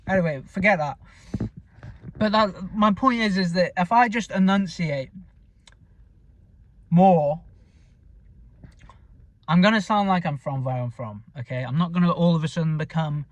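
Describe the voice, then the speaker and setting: A man with a northern English accent talks through a casual vlog. He is blunt and sweary, and he mumbles and rambles. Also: a little high. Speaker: vlogger. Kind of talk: casual self-talk vlog.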